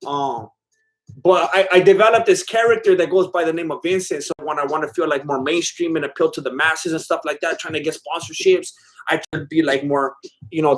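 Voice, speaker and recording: Rambling man chatting on a live stream. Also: fairly high pitch. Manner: rambling, filler-heavy, self-deprecating laughs. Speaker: streamer reading live chat. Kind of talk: casual live-stream chat.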